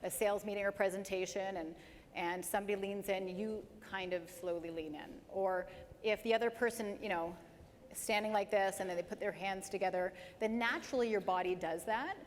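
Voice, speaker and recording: Animated woman presenter in a reverberant hall. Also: mid-range voice, a little fast. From Canada. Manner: lively, emphatic, shifts pace to demonstrate. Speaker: presenter at a dental career talk. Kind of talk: live presentation. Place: large hall with an audience. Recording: hall reverb, faint background noise.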